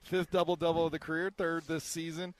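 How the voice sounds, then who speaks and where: A man's voice: fairly high pitch, flat delivery, fairly quick. A man hosting a postgame show, asking a player questions in a friendly, joking way. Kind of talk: sports interview questions.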